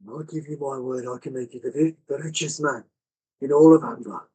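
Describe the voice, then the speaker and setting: A man's voice: mid-range voice, steady tone, brisk, mellow, lightly acted. A man voicing a desperate male villain who begs and bargains for his life. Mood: pleading.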